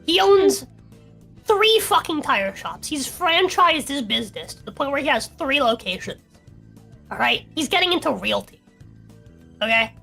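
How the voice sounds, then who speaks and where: A drunk young woman rants on a podcast stream, cursing in nearly every sentence. Her voice sits high and swoops through a wide pitch range. It has a bright, sharp edge. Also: big pitch swings, unhurried, gravelly, pauses often, faint music behind. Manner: ranting, swearing heavily. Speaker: podcast co-host. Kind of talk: casual streamed podcast chat.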